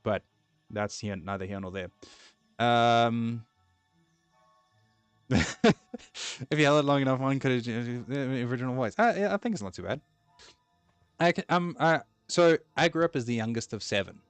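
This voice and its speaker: A man's voice: mid-range voice, moderate pace, pauses often, clean tone, no room sound, soft background music. A young man chatting casually while playing a game, rambling and easily distracted, self-deprecating. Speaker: gaming streamer.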